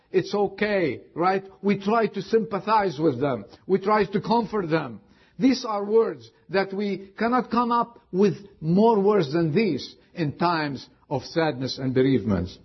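A man preaching a sermon with emphatic delivery and long dramatic pauses. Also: high-pitched, slightly rough. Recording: dull lo-fi sound.

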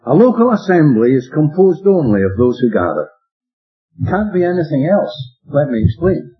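A man preaches an expository Bible lesson in a fairly high, sing-song voice at a moderate pace, slightly rough. Plain-spoken and emphatic, he keeps asking his listeners rhetorical questions, and faint music sits under the dull lo-fi audio.

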